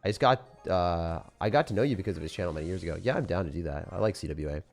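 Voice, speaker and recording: A young man streaming a game live, chatting through each play in loose, slangy banter. His voice sits a bit low, and a faint music bed plays under it. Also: expressive, rapid-fire. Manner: loose, jokey, slangy banter with sudden shouts. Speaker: gaming streamer. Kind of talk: live gameplay commentary.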